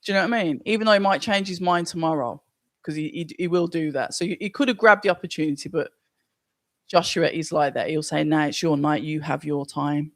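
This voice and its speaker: A casual, chatty host, reading out viewer comments on a live watch-along stream and reacting as they go. The voice is mid-pitched and recorded dry and close, with no room sound. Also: a little fast, a bit bright, dry recording. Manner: casual, chatty, thinks aloud.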